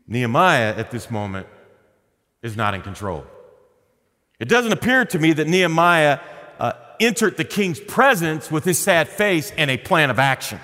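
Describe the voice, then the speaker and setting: A middle-aged male pastor preaching a sermon in a conversational, humorous way, often dropping to a quiet voice. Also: on the high side, big pitch swings, moderate pace, long reverb tail.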